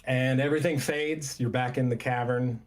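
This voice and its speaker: A man narrating a tabletop game as game master, unhurried and descriptive with many pauses and fillers. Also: medium pitch, steady tone.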